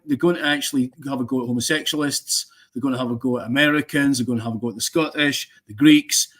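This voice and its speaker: A man's voice: mid-range voice, a bit bright. A man hosting a casual live stream, giving strong opinions in a rambling way and joking with viewers.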